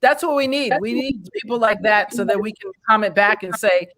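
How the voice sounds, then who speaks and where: A woman's voice: medium pitch, a little fast, a bit bright. A woman on a casual panel chat, giving blunt, opinionated takes.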